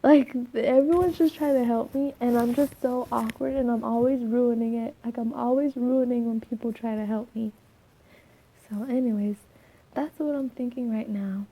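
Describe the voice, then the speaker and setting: A soft-spoken young woman with a slightly scratchy voice, rambling through a casual vlog with many fillers and restarts. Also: on the high side, steady tone, moderate pace, slightly rough. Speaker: vlogger.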